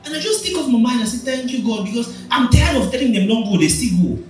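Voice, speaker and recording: A man's voice: very high voice, expressive, quick pace, heavy reverb, far from the mic, faint music behind, low-quality recording. A man preaching a sermon as pastor, firing off rhetorical questions to his congregation. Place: church.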